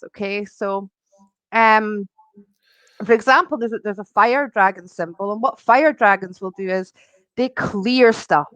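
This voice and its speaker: A woman's voice: medium pitch, a little slow, fairly bright tone, clean tone, dry recording. A woman chatting casually as a guest, telling a story with lots of animation and laughter, acting out the lines of the people she quotes. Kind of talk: casual chat.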